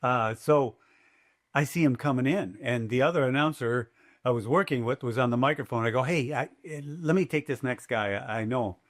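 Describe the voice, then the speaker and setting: A man's voice: medium pitch, normal speed. An older man, a race announcer, telling stories in a podcast interview and acting out quotes in a raised voice. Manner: animated, acts out quotes in a raised voice.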